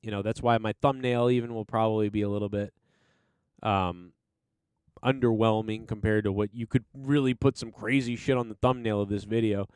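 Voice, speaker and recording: An enthusiastic man rambles through a casual solo review, swearing now and then. His voice is smooth and clear, recorded close in a dry space with no room sound. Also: mid-range voice, darkish tone, no room sound. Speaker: podcast host reviewing a TV episode.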